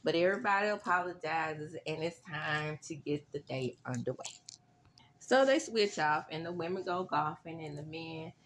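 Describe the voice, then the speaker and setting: A woman's voice: low voice, moderate pace, a little hiss or hum. Sassy woman recapping reality TV. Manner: sassy, blunt, animated reactions with cussing. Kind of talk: casual recap commentary.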